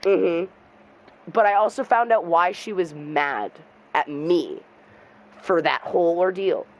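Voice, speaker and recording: Soft-spoken young man telling a story. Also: high voice, expressive, muffled recording. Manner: soft-spoken and halting, trash-talks the game between stretches of story. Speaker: gamer streamer. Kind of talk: casual storytelling while gaming.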